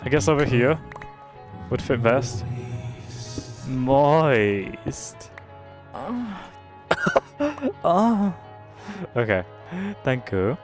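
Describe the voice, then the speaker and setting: A young British man commenting casually on a game he is playing, swearing and reacting loudly to what happens on screen. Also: mid-range voice. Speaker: streamer.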